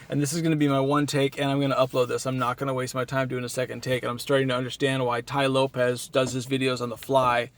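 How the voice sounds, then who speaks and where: Tired from no sleep, a man films a one-take motivational vlog outdoors in a beach town on his camera mic. His mid-range voice is level and fast with few pauses, and he's earnest and rambling, restarting often as he psyches himself up.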